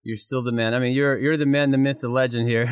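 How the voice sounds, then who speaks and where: A man from Ukraine hosts an interview, asking questions with enthusiasm and frequent laughter. His voice is mid-pitched and recorded dry and close, with no room sound. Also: little pitch movement, fast, clean tone, no echo. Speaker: podcast host. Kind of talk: interview conversation.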